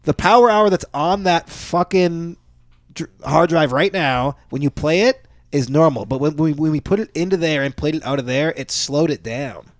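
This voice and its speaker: A man's voice: on the high side, moderate pace, dry recording. A man co-hosting a podcast in casual chat, rambling, swearing often and restarting his sentences. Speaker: podcast co-host.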